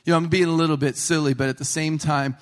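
A man's voice: on the high side, fast. A man preaching a sermon in a humorous storytelling way, acting out the people he quotes. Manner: animated, jokey, acts out quotes.

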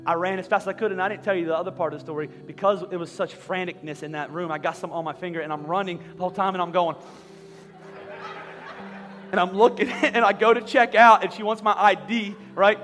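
High-voiced male pastor in a reverberant church. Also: fast. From Philadelphia, USA. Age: 30s. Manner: animated, rising to near-shouting. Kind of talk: sermon with a personal story. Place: large church auditorium. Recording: long hall reverb, faint music.

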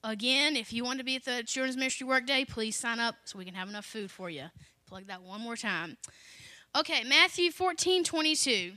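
Young woman pastor, high bright voice, animated preaching, big loud jumps when she quotes people. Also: brisk, no room sound. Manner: animated, acts out quotes with sudden loud rises. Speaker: children's pastor. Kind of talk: prayer and sermon with scripture reading.

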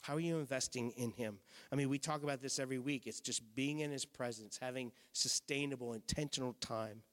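A man preaching a sermon to his church, conversational and emphatic, sometimes dropping to a hushed intensity. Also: medium pitch, brisk. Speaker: pastor. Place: church sanctuary. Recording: long hall reverb.

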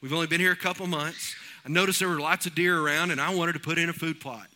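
An East Texas pastor preaches fast, his high, very bright voice carrying a ringing edge. He animates his sermon with folksy, homespun stories.

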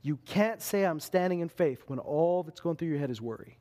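High-voiced preacher, lively and animated. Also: male voice, brisk. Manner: animated, acts out panicked voices with big pitch swings. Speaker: pastor. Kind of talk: sermon.

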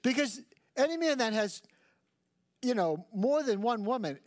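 Older guy pastor giving a sermon, lively swooping voice, jokey stories about himself. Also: very high voice, a little slow. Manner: animated storytelling with self-mocking humor and acted quotes.

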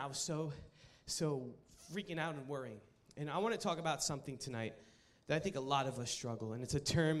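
A young man preaching to a live audience, opening with a funny personal story before turning to his sermon in an animated, joking way. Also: on the high side. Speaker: youth pastor.

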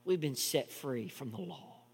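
A man preaching a sermon as pastor, emphatic and full of repetitions, swinging between loud declarations and hushed asides. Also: medium pitch, sing-song, measured pace, breathy edge, long reverb tail.

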